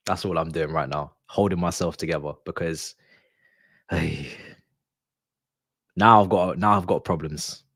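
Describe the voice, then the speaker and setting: A man's voice: deep voice, a little slow, pauses often, fairly bright tone, breathy edge, no room sound, clean studio sound. A man hosting a live football watch-along, ranting in frustration and dropping into muttered asides. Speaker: live stream host.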